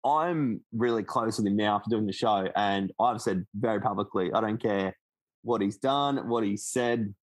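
A young adult man with an Australian accent, co-hosting a podcast and telling stories in a lively, animated way. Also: fairly low pitch. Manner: fast, animated storytelling. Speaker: podcast co-host. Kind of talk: casual chat.

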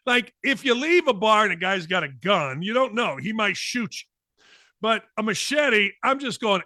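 A middle-aged man with a high, bright voice hosts a talk show, reading strange news items aloud and joking about them. He sounds animated and playful, and the recording is close and dry. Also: moderate pace, dry recording. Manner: animated, jokey, riffs off the stories. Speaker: sports talk show host. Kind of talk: casual monologue reading news stories.

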